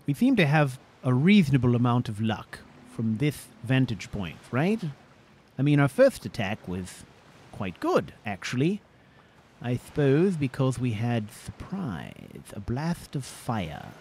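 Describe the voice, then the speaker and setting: A man's voice: mid-range voice, huge pitch swings, unhurried, darkish tone, a little hiss or hum. A man doing a fussy, bookish adventurer. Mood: exasperated. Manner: prim, formal phrasing with grumbling asides. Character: fussy, bookish male adventurer, easily flustered. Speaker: gameplay narrator voicing his character. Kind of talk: in-character gameplay commentary.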